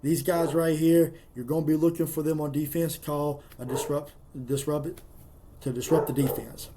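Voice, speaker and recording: A man giving casual, emphatic college football picks in a folksy, excitable way. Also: a little high, moderate pace, very noisy. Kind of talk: casual sports picks monologue.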